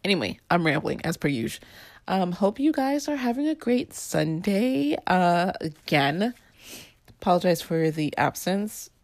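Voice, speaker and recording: A woman's voice: lowish voice, very animated, measured pace, darkish tone, no echo, studio quality. A woman hosting her own podcast, rambling in a candid, sarcastic way and under the weather. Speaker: podcast host. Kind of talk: casual solo podcast monologue. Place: her home in uptown Manhattan.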